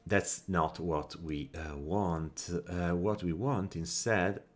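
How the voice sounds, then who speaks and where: Very deep-voiced man narrating strategy gameplay. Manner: thinks aloud, counts under his breath, quick flashes of annoyance. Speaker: gameplay commentator. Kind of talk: casual strategy game commentary.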